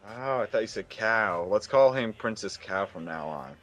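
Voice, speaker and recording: A man's voice: on the low side, expressive, moderate pace, fairly bright tone. A young man co-hosting a casual gaming podcast, teasing and joking. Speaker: podcast co-host.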